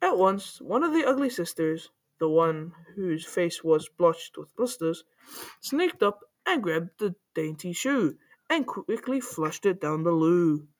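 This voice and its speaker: A woman reading a rhyming children's story aloud in a playful, animated way, with the odd slip. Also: fairly low pitch, measured pace. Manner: playful, animated, with small slips.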